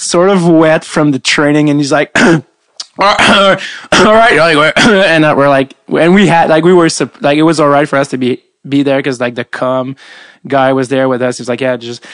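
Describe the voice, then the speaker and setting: A man's voice: fairly high pitch, dry recording. A man hosting a casual podcast interview, telling stories in a rambling way full of filler words. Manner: rambling storyteller, heavy use of filler words. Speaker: podcast host.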